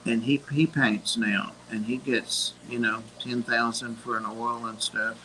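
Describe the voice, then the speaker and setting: An older man chats on a livestream, wandering from one memory to the next. His voice stays flat in pitch but sounds bright and forward. A faint noise sits under the recording. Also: a little slow, poor audio. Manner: rambling, reminiscing storyteller. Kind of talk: casual chat.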